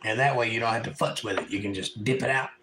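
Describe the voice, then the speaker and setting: A man's voice: fairly low pitch, fast, fairly bright tone, a little hiss or hum, rough recording. A man from eastern North Carolina with a Southern accent, hosting a casual livestream at home and reading chat messages aloud in a folksy way.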